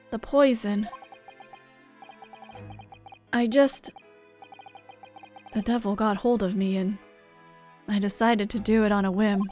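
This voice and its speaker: A woman's voice: medium pitch, a little mellow, lightly acted. A woman voicing a sly young male reporter in a game, confessing earnestly and flaring up defensively.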